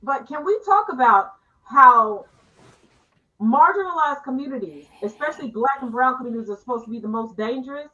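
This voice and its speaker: A woman with a bright, forceful, somewhat high voice hosts an informal panel over a video call. She tells stories animatedly, with quick asides and playful teasing. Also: expressive, muffled recording. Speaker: panel host. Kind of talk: casual panel chat.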